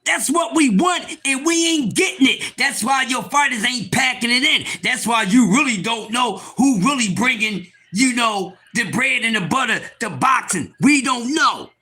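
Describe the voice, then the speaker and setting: Man, very high cartoonish voice, bright, loud and preachy, livestream host. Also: animated, moderate pace, few pauses, husky. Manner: loud, preachy, often shouting. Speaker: live stream host. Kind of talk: animated livestream talk.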